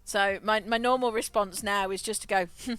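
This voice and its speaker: Woman, game streamer, bright tone, blunt and sweary, faint game music behind. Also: mid-range voice, steady tone, moderate pace, clear, resonant tone, no room sound. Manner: frank, swears freely, laughs often. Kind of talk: casual chat while gaming.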